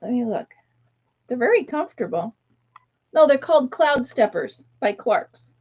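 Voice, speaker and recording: A woman's voice: high voice, very animated, measured pace, a little mellow, husky, lo-fi sound. A middle-aged woman from the United States hosting a casual livestream chat, talking easily, laughing often and greeting viewers by name. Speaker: livestream host.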